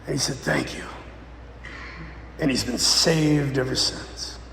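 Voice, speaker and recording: A man, a Catholic priest, telling a dramatic story in a sermon, swinging between loud bursts and hushed lines. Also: mid-range voice, slow, vocal fry, a little hiss or hum. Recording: echoey church with long reverb.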